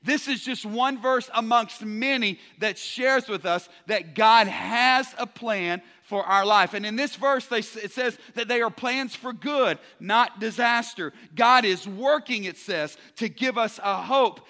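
A man preaching a sermon to a congregation, energetic and joking, often stumbling into quick restarts as he talks. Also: very high-pitched. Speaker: pastor. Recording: long hall reverb.

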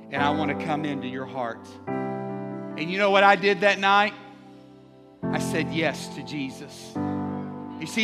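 High bright-voiced preacher in a reverberant hall. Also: male voice. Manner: rhythmic repetition, rising to emphatic shouts. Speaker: pastor. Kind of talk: sermon. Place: church sanctuary. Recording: long reverb of a large hall.

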